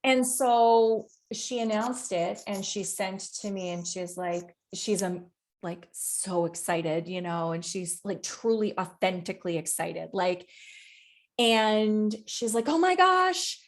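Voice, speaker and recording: Woman coach co-hosting a podcast, mid pitch, blunt and sweary, tells stories with lots of energy. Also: takes it slowly. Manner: candid, swears freely, animated storytelling. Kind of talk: casual podcast chat.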